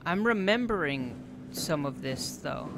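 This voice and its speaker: A man's voice: a little high, expressive, unhurried, creaky, loud music behind the voice. A man casually commenting on a game, joking and rambling. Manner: rambling, joking, self-deprecating. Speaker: let's play host.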